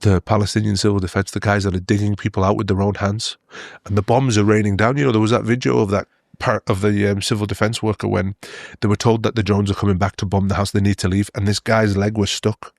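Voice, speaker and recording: A man, a doctor from Australia and the UK, telling stories earnestly in an interview, with many halting restarts. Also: lowish voice, level tone, vocal fry, darkish tone, dry recording, clean studio sound. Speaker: doctor guest. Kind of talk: interview storytelling.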